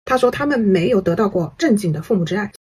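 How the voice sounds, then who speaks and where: A woman giving analytical commentary in a brisk, knowing, critical way. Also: medium pitch, lively intonation, darkish tone, breathy edge. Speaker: online commentator.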